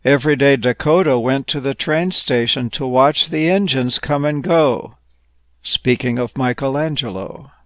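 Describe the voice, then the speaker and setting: A man gently narrating a playful, whimsical bedtime story. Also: mid-range voice, unhurried, no room sound.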